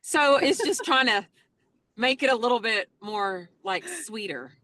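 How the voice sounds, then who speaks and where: A woman's voice: fairly high pitch, sing-song, a little slow, bright, forceful tone, dry recording, low-quality recording. A mother in a group video call, chatting and laughing about her daughter.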